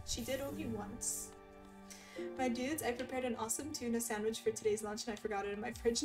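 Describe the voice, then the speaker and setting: A woman's slightly high, steady voice comes a bit off-mic over game music as she streams a video game. She talks a little fast, giggling and chatting casually while reacting to her viewers' chat.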